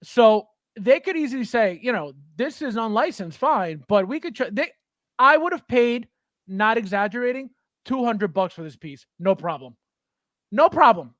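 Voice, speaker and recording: Chatty man with a high voice. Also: lively intonation, normal speed, a bit bright, no echo, clean studio sound. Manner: chatty, laughs often, thinks aloud with fillers. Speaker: podcast host. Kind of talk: casual chat about collectible figures.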